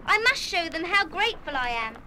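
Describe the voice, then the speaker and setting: A woman voicing a shy, tender-hearted schoolgirl who gushes softly, in 1970s radio play style. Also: very high-pitched, very animated, a little fast, very noisy. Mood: grateful. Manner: breathless, gushing delight turning to quiet hurt.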